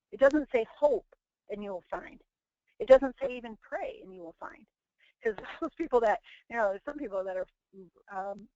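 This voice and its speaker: A middle-aged woman with a slightly high voice hosts a motivational webinar as a team leader, preaching earnestly and restarting her sentences often. The audio is dull, dry and lo-fi with no room sound.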